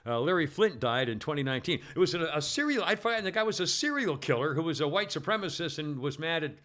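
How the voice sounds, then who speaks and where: A man's voice: fairly high pitch, lively intonation, fast talker, a bit bright. A man hosting a talk radio show, reading this-day-in-history items in a rambling way, full of uhs and restarts.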